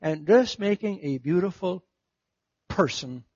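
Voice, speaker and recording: A middle-aged man preaching a sermon, telling stories and acting out the voices of the people in them, swinging from loud to hushed. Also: sits high, animated, measured pace, no echo, lo-fi sound. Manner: storytelling, acts out quoted voices, big swings from loud to hushed. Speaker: pastor.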